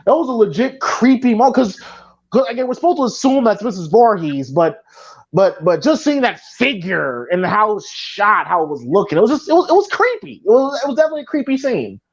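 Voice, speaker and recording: A man's voice: high-pitched, very animated, fairly quick, slightly rough. A man co-hosting a live movie commentary podcast, talking animatedly and often repeating words while he thinks. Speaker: podcast co-host. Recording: dull lo-fi audio.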